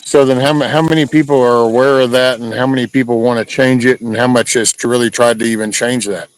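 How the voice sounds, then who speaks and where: A man's voice: medium pitch, steady tone, quick pace, clean tone, dry recording, rough recording. Opinionated man, dry close sound. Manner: opinionated, asks rhetorical questions. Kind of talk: casual chat.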